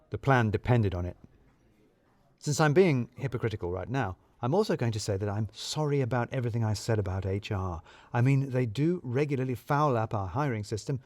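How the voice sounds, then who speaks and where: A man's voice: mid-range voice, darkish tone, no echo. A man narrating a first-person story in a wry, dry, self-mocking way.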